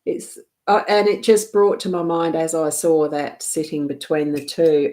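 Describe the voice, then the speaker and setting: A woman with a South Australian accent giving a rambling, gentle card reading on a livestream from her home desk, often laughing. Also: low-pitched, little pitch movement, a little slow. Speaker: psychic card reader.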